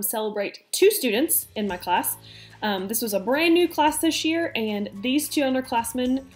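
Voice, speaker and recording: A woman teacher greets students with an upbeat, casual energy before handing out awards. Her voice sits a little high, and she fills pauses with easygoing "um"s. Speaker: media teacher presenting awards.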